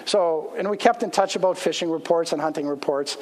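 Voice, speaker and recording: A man's voice: fairly high pitch, a little fast. A man, a pastor, telling a casual anecdote as part of a sermon in a church. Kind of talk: storytelling sermon. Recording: long hall reverb.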